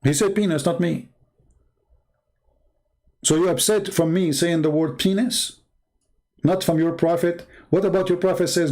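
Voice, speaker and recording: A man's voice: high-pitched, fairly even intonation, unhurried, pauses often, darkish tone. A man hosting his own channel, delivering a blunt, scornful monologue. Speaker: channel host. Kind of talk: combative monologue.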